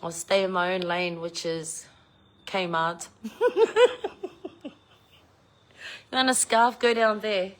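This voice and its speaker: Speaking slowly with long pauses, this middle-aged vlogger has an animated, mid-range voice. She laughs a lot, curses without restraint, and jokes at her own expense while chatting casually to her audience.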